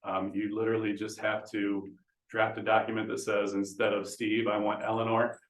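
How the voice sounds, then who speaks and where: A man's voice: fairly low pitch, monotone, moderate pace. A man, a magistrate at a seminar, explaining legal steps in a plain-spoken way. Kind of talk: public talk answering questions. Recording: echoey room.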